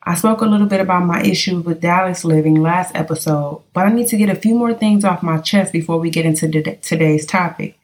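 A woman from California hosting a casual podcast, talking straight to her listeners as she tells stories. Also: fairly low pitch. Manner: chatty storyteller addressing listeners directly. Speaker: podcast host.

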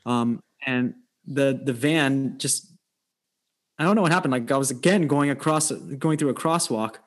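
A man's voice: medium pitch, moderate pace. Rambling man telling a story casually. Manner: rambling storyteller with many restarts. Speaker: podcast guest. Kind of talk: casual chat.

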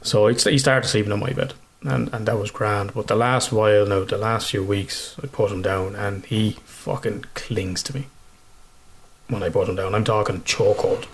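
A podcast host talks in a somewhat low voice. He chats casually and candidly, rambling on and cursing freely as he goes. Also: fairly even intonation, normal speed, slightly rough. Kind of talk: casual chat.

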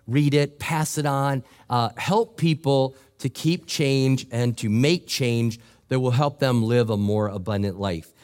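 A middle-aged male pastor preaching a sermon, telling a joking, animated story with quoted voices. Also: mid-range voice, clear, resonant tone. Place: church sanctuary.

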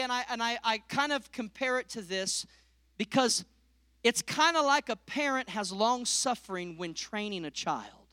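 A middle-aged man preaching a sermon, swinging from loud peaks to hushed lines and calling out to the congregation. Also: very high-pitched, no echo, studio quality. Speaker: pastor.

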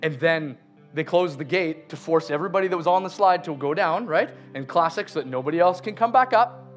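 A man preaching, telling a story about his daughter in an animated way, laughing as he goes and slowing down for emphasis. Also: on the high side, faint music behind. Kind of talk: sermon storytelling.

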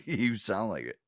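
A man's voice: fairly low pitch, no echo, studio quality. A man hosting a casual live talk show, joking, swearing and slipping into a mock radio DJ patter. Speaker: host.

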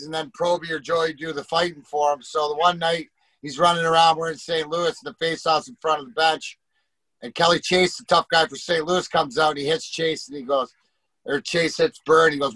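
Middle-aged guy rambling thru old hockey stories, swears a lot, voice sits a bit high, dry close sound. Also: fairly even intonation, a little fast, a bit bright, dry recording, rough recording. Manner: profane, rambling anecdotes with acted quotes. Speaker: former hockey player, guest. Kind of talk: casual storytelling.

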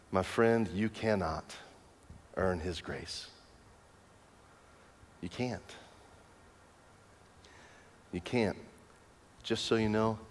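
A man preaching a sermon as pastor, telling a story with lively swings between loud excitement and hushed, near-whispered lines. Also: on the low side. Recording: long hall reverb.

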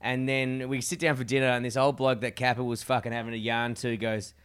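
A man's voice: mid-range voice, a little fast, smooth. A young Australian man co-hosting a podcast, telling road-trip stories in casual, swearing chat. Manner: swearing, storytelling, animated retellings. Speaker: podcast co-host.

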